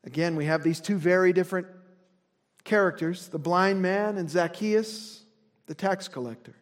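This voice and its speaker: A man preaching a sermon as pastor, earnest, often dropping to a soft hush to drive a point home. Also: sits high, normal speed. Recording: long reverb of a large hall.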